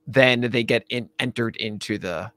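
A man co-hosting a casual baseball chat show, animated, laughing often and restarting his sentences. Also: mid-range voice, unhurried. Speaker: podcast co-host.

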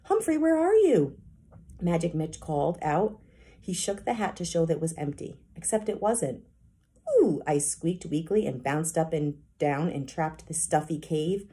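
A woman kindergarten teacher reading a children's chapter book aloud with expressive storytelling narration. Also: low-pitched, moderate pace, slightly rough.

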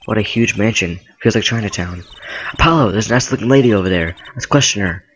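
A man's voice: lowish voice, quick pace, fairly bright tone, slight background noise. A young man hosting a game playthrough, reading the dialogue aloud in a jokey, hammy way. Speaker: let's play host.

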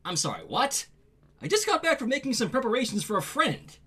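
A man's voice: very high voice, very animated, fairly quick, pushed and bright, husky. A man playing a casual, puzzled caller in a comedy prank-call skit.

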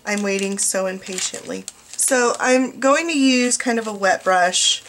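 Middle-aged American woman, casual art tutorial host, rambling and self-mocking, mid-pitched. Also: measured pace, a bit bright, a little hiss or hum. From United States. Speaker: art journaling teacher. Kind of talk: casual craft tutorial narration.

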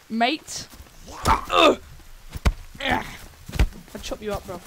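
A woman's voice: sits high, lively intonation, extremely slow, creaky, pauses often, noisy background. Jumpy, foul-mouthed woman gamer. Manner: jumpy, swears a lot, shrieks when startled. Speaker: gaming channel host. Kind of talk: let's play commentary.

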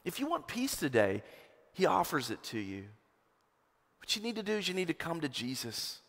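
A man preaching a sermon as pastor, rising to loud emphatic peaks and dropping to hushed lows. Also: huge pitch swings, normal speed. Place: church sanctuary. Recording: long hall reverb.

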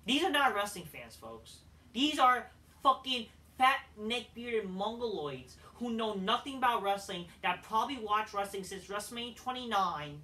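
A man's voice: high-pitched, very animated, normal speed, pushed and bright, distant mic. A man reviewing a wrestling show in a heated, profanity-laden rant.

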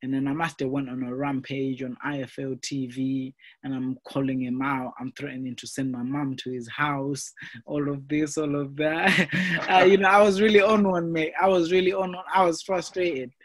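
Speaking at a normal speed in a mid-range voice, a young man who boxes professionally walks through his career during a casual interview. He's animated throughout, leaning on fillers such as "you know" and "mate."

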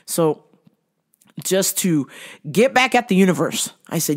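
A woman's voice: fairly low pitch, expressive, unhurried, pauses often, husky. A woman hosting a podcast, talking in a casual monologue, profane and exasperated, often laughing. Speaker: podcast host.

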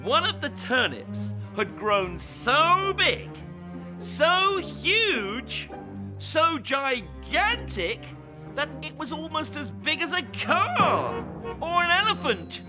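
A man narrating a children's story in a playful, expressive way, inviting children to join in. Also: very high-pitched. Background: children's music.

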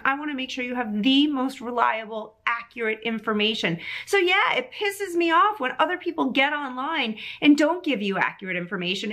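A woman's voice: a little high, a bit bright. A woman in her forties, a veterinary cancer specialist, talking to camera in an emphatic, exasperated way and repeating phrases for emphasis. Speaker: veterinary oncologist vlogger. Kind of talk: frustrated vlog monologue to camera.

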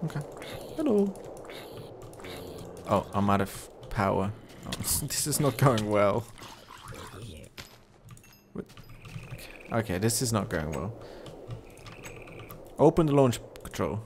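A man's voice: lowish voice, animated, unhurried, pauses often, background noise. A young man commentating his own gameplay, chatty and coaxing animals along, growing easily exasperated. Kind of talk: let's play commentary.

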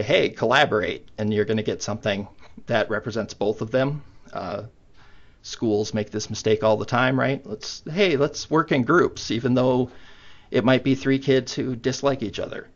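A man presenting a webinar in a conversational way, with lots of fillers. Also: mid-range voice. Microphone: computer mic on video call. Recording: muffled online meeting audio.

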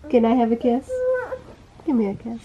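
A mother cooing gentle baby talk to her little children at home in a family vlog. Her voice sits a bit high for a woman. The camera audio is dull and lo-fi, with faint background noise. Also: normal speed.

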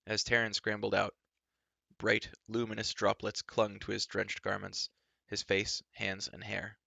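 A man's voice: lowish voice, completely flat delivery, measured pace, creaky, bright, forceful tone, no room sound. A man reading a storybook aloud with dramatic narration. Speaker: storybook reader.

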